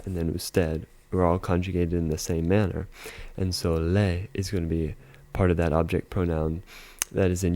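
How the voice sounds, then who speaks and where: A deep-voiced language teacher gives a casual video lesson, warm and relaxed. He explains each point step by step, uses fillers like "you know," and repeats example phrases slowly.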